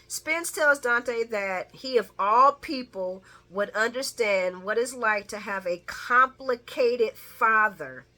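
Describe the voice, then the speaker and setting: A woman chatting casually through a soap opera recap, sassy and quick to laugh, with slangy asides to the characters. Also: on the high side, expressive, bright, forceful tone.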